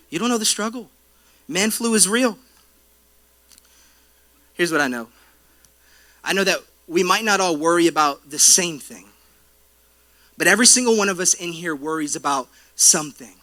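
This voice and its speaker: A young man preaching to his church in a relaxed, joking way, with a high, bright voice that carries. He tells playful stories and keeps turning to the congregation with asides. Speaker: pastor. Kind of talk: sermon. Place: church auditorium.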